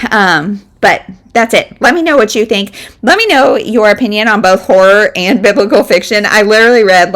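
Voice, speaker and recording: A woman's voice: mid-range voice, a bit bright. A woman in her thirties, a book vlogger, chatting casually and rambling with lots of fillers. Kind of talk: casual chat.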